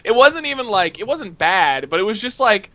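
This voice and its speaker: Young male co-host, bright, somewhat high voice, crude and brash. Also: big pitch swings, highs cut off. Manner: brash, crude, fast rambling storytelling. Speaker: podcast co-host. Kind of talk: casual podcast chat.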